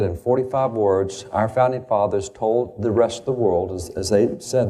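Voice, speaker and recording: A man's voice: on the low side, warm tone. A man giving a historical lecture, reading quotations aloud and stressing key words.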